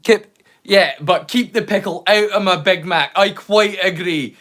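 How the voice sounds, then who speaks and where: A man's voice: high-pitched, measured pace, fairly bright tone. A Scottish man chatting casually with live viewers, teasing and swearing freely. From Scotland. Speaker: live streamer.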